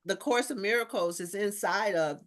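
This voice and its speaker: An animated woman minister in casual chat, telling stories and putting on the voices of others. Her talk is slangy and spiritual, with a middle pitch. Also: normal speed. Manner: animated storyteller, acts out quoted voices. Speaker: guest minister.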